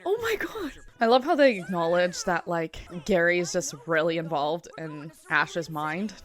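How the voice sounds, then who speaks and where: With soft music in the background, a young woman speaks at a measured pace in a fairly low voice with lively intonation. She sits at a desk chair at home, giggling and chatting about a cartoon, her speech full of "like."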